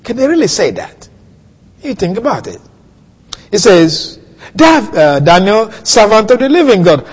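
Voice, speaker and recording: Guy preaching a sermon, high lively voice, slow and deliberate, echoey hall. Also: breathy edge. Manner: slow, deliberate Bible teaching with soft chuckles and rhetorical questions.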